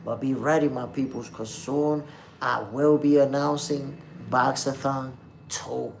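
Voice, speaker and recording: A man's voice: mid-range voice, level tone, unhurried, gravelly, slight background noise. A man hosting a live boxing stream, chatting casually and reading viewer comments in loose slang. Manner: loose slangy street talk, addresses chat directly.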